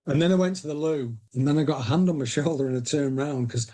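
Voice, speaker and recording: A middle-aged man with a Northern English accent, chatting as a guest on a podcast. He tells long, self-mocking anecdotes in a warm, mellow voice. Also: fairly high pitch, quick pace. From Northern England. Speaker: guest, indie publisher. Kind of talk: casual storytelling interview.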